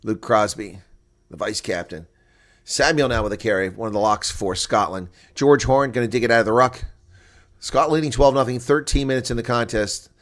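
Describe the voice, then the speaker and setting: A man giving live play-by-play rugby commentary, excitable and rising to shouts at big plays. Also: mid-range voice, brisk.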